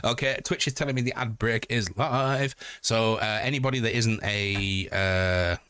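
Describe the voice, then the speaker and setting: A man's voice: on the low side, steady tone, moderate pace, sharp tone, clean tone. A man with a Yorkshire accent, chatting casually on a live stream, joking and swearing as he reads out chat messages. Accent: Yorkshire (Hull). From Yorkshire, England.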